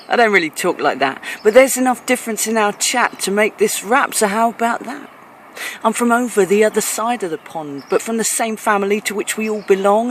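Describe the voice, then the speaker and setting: A woman's voice: mid-range voice, slight background noise. A woman with a London accent performing a rhymed spoken-word rap in a playful, rhythmic delivery. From England. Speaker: performance poet.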